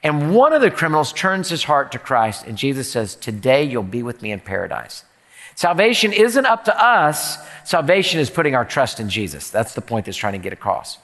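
A man's voice: fairly high pitch, big pitch swings, brisk, few pauses, fairly bright tone. Male pastor in a reverberant hall. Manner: rhetorical, repeats questions. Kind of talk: sermon. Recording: long reverb in a large hall.

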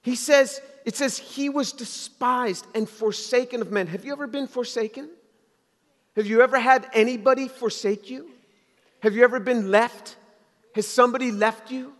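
A man's voice: very high voice, moderate pace, fairly bright tone. A man preaching a sermon, talking conversationally and building to emphatic exhortation. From Jewish background in the US. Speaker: pastor. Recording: long reverb of a hall.

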